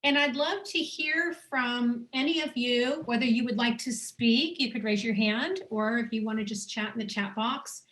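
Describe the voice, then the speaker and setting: A woman teaching on a video call, leading a guided breathing exercise with slow, soothing instructions and pauses. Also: fairly high pitch, a bit bright. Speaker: dowsing teacher.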